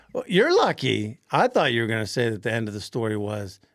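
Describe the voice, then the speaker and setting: A man's voice: mid-range voice, huge pitch swings, normal speed, dry recording, studio quality. A man co-hosting a podcast, chatting casually, laughing easily and joking with his partner. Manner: laughs easily, playful banter. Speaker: podcast co-host. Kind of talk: casual chat.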